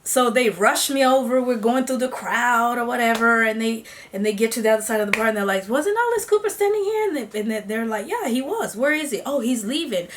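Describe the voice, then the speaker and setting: Lively young African woman telling a story. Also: on the high side, brisk, hardly any pauses, a little hiss or hum. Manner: animated, acts out her own squeals and gasps; addresses viewers as y'all. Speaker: vlogger. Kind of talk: casual storytelling.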